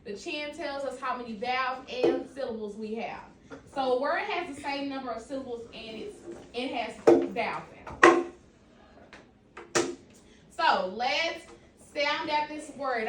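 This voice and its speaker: High-voiced teacher in an echoey classroom. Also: female voice, unhurried. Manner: encouraging, calls on students and repeats answers. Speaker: elementary school teacher. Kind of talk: classroom phonics lesson. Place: classroom full of children. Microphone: far from the mic. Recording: echoey, distant and noisy classroom recording.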